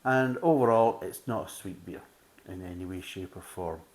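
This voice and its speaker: A man's voice: low-pitched, moderate pace. A man giving a casual, methodical beer tasting review, full of "kind of" fillers.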